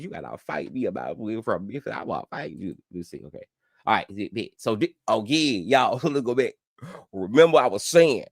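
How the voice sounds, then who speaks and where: A middle-aged man with a Memphis Southern accent, hosting a casual commentary vlog in a rambling, profane way, full of restarts and sudden animated exclamations. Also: on the low side, no echo. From Memphis, Tennessee. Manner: rambling, profane, with frequent self-interruptions and restarts. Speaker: YouTube commentary host.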